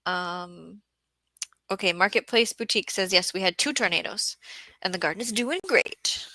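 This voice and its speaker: A tired woman from Southeast Florida hosts a gardening livestream after a bad day, chatting casually and reading viewer comments. Her gravelly, bright voice is medium-pitched and moderately paced, picked up on a close, dry mic with no echo. She's chatty, thinks out loud, and clears her throat often.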